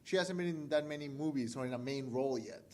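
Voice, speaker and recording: A man's voice: medium pitch, fast, slight background noise. A man co-hosting a casual movie podcast, rambling with many restarts and some sarcasm. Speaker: podcast co-host.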